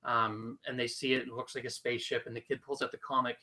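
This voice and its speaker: Man telling an animated story. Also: medium pitch, fast talker, poor audio. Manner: animated storytelling, acts out quotes. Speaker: podcast co-host. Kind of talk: casual chat. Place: small room, live podcast.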